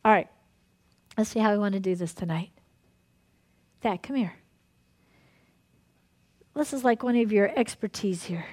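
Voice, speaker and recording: A woman preaching in a lively, conversational way, laughing often and dropping to a hushed tone to lead prayer. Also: medium pitch, unhurried, long pauses. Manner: drops to a soft, hushed tone in prayer. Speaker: pastor leading a ministry night. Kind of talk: sermon and guided prayer.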